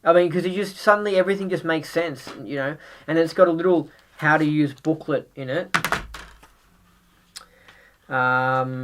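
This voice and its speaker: A man talks straight into the mic in a casual review. His voice sits a little higher than most men's. He is earnest and insistent, often stopping to restart a sentence. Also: normal speed, pauses often, a bit bright. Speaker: podcast host reviewing a DVD.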